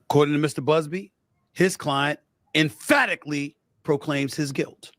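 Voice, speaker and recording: A man giving measured spoken commentary, deliberate and weighing both sides of a case. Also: a little high, a bit bright, no echo, studio quality. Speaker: sports show producer.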